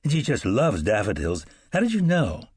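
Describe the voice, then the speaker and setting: A man's voice: fairly low pitch, wildly swooping pitch, normal speed, darkish tone, breathy edge, no echo, clean studio sound, full character voice. A man voicing an effusive elderly woman from the American South in an audiobook, with a Southern drawl and gushing, drawling speech. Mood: delighted.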